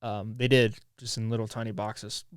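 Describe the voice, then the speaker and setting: A man's voice: lowish voice, level tone, moderate pace, clean tone, no echo, studio quality. A man in his twenties hosting a solo podcast, speaking candidly in a rambling, raw way with frequent restarts and swearing. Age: 20s. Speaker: podcast host.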